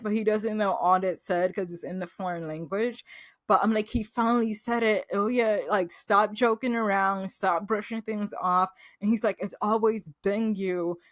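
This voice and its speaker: A woman's voice: medium pitch, a bit bright, no room sound, clean studio sound. A woman hosting a TV recap vlog, talking in a gushing, emotional, exclamatory way. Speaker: TV recap host. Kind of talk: casual recap review.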